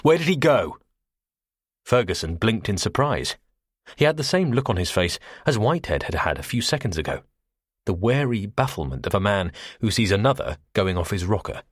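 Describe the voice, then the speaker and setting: A man narrating a first-person thriller audiobook in a measured, even way. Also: on the low side, dry recording, studio quality.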